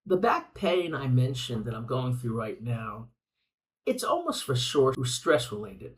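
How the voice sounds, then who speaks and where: A man's voice: mid-range voice, very animated, unhurried, distant mic, low-quality recording. An older man hosting a reflective podcast monologue, speaking earnestly and repeating phrases for emphasis. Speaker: podcast host.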